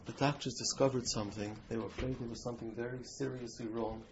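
A lecturer speaks to a live audience, telling an emotional story and putting questions to the room. His mid-range voice has fairly even intonation and a quick pace. It's a lo-fi room recording with loud hiss.

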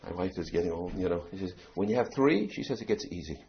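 Lively New man telling stories. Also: low voice, quick pace, vocal fry, a little hiss or hum. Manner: animated, acts out anecdotes, many "you know" fillers. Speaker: community speaker. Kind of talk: storytelling talk. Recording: dull lo-fi recording.

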